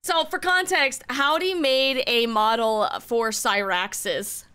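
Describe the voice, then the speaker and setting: A woman streaming and chatting, giddy, laughing a lot and swearing as she talks in excited bursts. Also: fairly high pitch, slow pace, clean tone. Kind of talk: excited casual stream chat.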